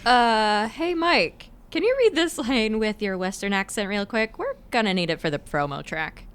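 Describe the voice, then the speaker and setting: A woman's voice: medium pitch, animated, moderate pace, a bit bright, smooth. A woman co-hosting a podcast in casual chat, playful and coaxing. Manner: playful, coaxing, put-on drawl. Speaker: podcast co-host.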